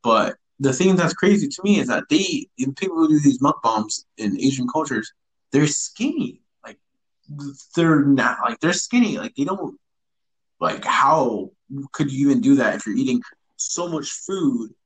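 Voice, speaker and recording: A young man in casual podcast chat who rambles, hesitates and restarts his thoughts. His voice has a slightly husky, breathy edge at a mid pitch. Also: lively intonation, a little slow, low-quality recording. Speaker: podcast co-host.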